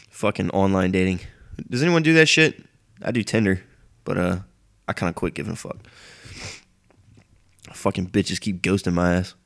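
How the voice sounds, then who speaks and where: Young man, sick and sniffly, low-ish voice, profane rambling solo rant host. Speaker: podcast host.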